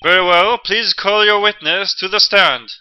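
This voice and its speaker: A stern old judge, as a man puts him on, loud and commanding from the bench. The voice sits a touch high, with game music playing behind. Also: normal speed, lightly acted. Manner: loud, gavel-banging authority. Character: stern elderly male courtroom judge. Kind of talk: amateur voice-acted game reading.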